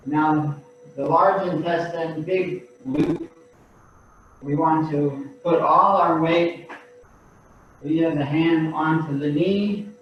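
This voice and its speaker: A man teaching qigong, calmly and slowly cueing each breath and movement. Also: on the high side, noisy background. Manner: slow, calm cueing of breaths. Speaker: qigong instructor. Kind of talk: guided movement and breathing instruction. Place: practice studio room. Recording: very echoey, distant, dull room sound.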